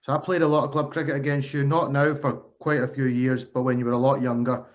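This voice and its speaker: A man with a mid-pitched voice hosts a casual interview. He asks questions in a friendly, conversational way. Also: flat delivery, fast talker.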